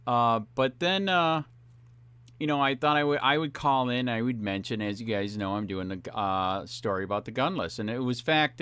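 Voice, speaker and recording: A man's voice: on the low side, a bit bright, clean tone. A man hosting a cop watch vlog, ranting in a profane, rambling way full of fillers as he grows heated. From Florida. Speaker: cop watch channel host.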